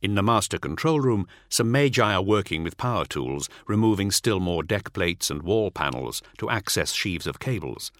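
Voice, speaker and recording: A man narrating an audiobook in a measured, dramatic storytelling manner. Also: sits low, a bit bright, no room sound, studio quality.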